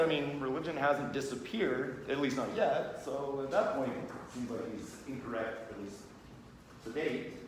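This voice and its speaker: A man giving a casual classroom lecture on religion. He talks conversationally, often checks in with "right?", and acts out little scenes in quoted voices. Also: fairly high pitch. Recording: very echoey room, faint background hum.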